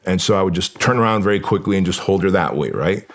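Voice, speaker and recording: A man's voice: deep voice, lively intonation, quick pace. A man in his forties, a guest on a podcast, telling a painful personal story in an earnest, raw, conversational way. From Armenia.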